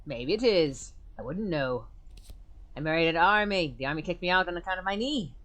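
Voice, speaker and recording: A woman's voice: on the low side, lively intonation, fairly quick, a bit bright. A woman putting on a blustery old soldier. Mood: hearty.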